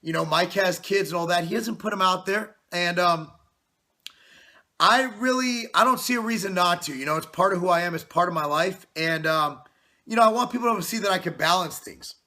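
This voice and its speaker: Out-of-breath, bright-voiced man in his 40s. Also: high-pitched, brisk. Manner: loud, passionate and swearing, with many "you know" fillers. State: out of breath with a stuffy nose. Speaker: fitness channel host. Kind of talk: casual vlog talk to camera. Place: home basement.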